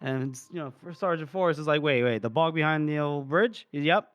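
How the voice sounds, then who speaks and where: A man's voice: on the high side, fairly quick, no echo, dull audio. A young man co-hosting a podcast, animatedly retelling a book chapter in casual chat and briefly acting out the characters' lines. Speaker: podcast co-host.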